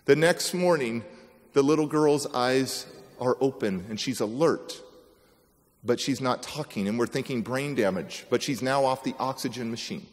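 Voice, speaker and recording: A motivational speaker with a mid-range voice talks at a normal speed, dramatically recounting a personal story and acting out the people in it. The long reverb of a large hall surrounds his words.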